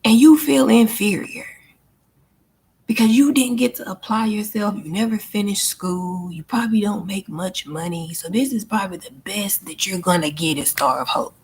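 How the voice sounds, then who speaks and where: A woman's voice: medium pitch, moderate pace, darkish tone, slightly rough. A woman hosting her own channel, venting bluntly and emphatically in a casual monologue, often swearing and repeating herself. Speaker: channel host and life coach.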